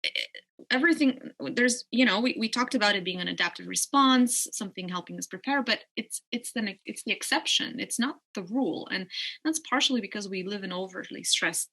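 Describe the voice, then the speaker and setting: A woman with a bright, clear voice talks as a psychologist guest on a podcast. She explains her views in a measured, careful way, qualifying her points as she goes. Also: mid-range voice. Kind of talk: casual interview conversation.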